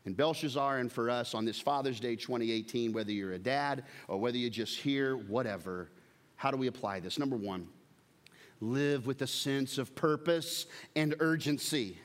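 Earnest pastor preaching. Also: male voice, mid-range voice, normal speed. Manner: earnest, emphatic preaching with direct questions to the congregation. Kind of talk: sermon.

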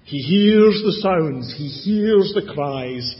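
Slow, deliberate preacher. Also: male voice, a little high, lively intonation, big-room sound, highs cut off. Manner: slow, deliberate, drops to a hush on key words. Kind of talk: sermon.

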